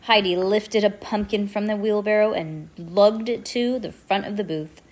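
A woman with a medium voice reads a children's chapter book aloud at home. Her delivery is casual and unpolished, and she pauses to chat and correct small slips. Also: mid-range voice, steady tone, a little mellow. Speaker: reader.

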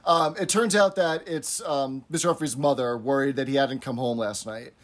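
A man's voice: medium pitch, moderate pace. A man co-hosting a podcast in casual chat, steadily recapping an episode with frequent "um"s and "uh"s. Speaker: podcast co-host.

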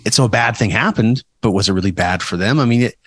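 A man's voice: fairly low pitch, fast, fairly bright tone, breathy edge, no room sound. A man co-hosting a podcast, chatting casually and rambling with many restarts. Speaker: podcast co-host. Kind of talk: casual chat.

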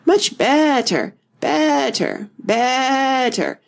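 A woman voicing a flustered, scatterbrained old queen who frets and wrings her hands, her voice rising toward a squeak. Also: sing-song, very slow, gravelly, full character voice. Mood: fretful. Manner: fussy, fretful, rising to a squeak.

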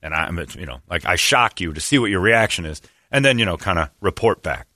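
A man putting on a hushed, creepy predator. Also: lively intonation, fairly quick, no echo, clean studio sound, exaggerated voice. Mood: coaxing. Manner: low, hushed, sly coaxing. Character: creepy soft-spoken predatory older man.

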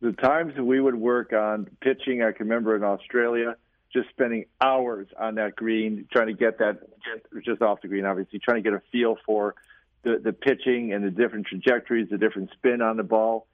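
Male coach, mid-pitch, teasing co-host, thin phone-line sound, dry. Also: steady tone, a little fast, dry recording. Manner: teasing, encouraging interjections. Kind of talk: casual chat.

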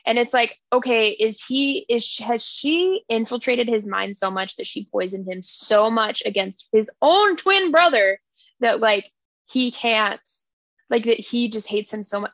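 A young woman co-hosting a casual book podcast, retelling scenes in an animated, gushing way with lots of fillers. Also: a little high, a little slow, vocal fry, dry recording. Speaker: podcast co-host.

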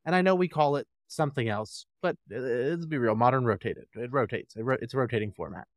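Man, podcast co-host, joking rambling storyteller, mid pitch, dry close sound. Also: quick pace, no room sound. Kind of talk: casual chat.

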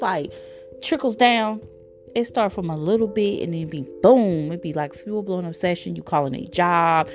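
A woman's voice: lowish voice, vocal fry, darkish tone. A woman hosting a solo advice podcast, talking bluntly and animatedly, teasing her listeners and breaking into laughter. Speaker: podcast host.

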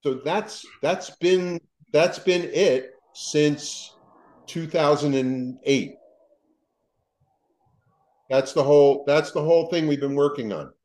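A man, a psychologist, telling a story as a podcast guest in a lively way, quoting people and restarting his sentences. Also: a little high, slow pace, long pauses, rough recording.

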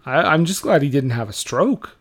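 A man's voice: fairly high pitch, expressive, normal speed. A man co-hosting a comedy podcast, making dry, understated remarks. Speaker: podcast co-host.

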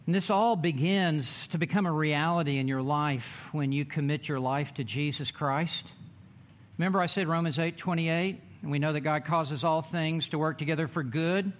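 A man preaching a sermon in a church, emphatic, with dramatic pauses and drawn-out words. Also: on the high side. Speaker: pastor.

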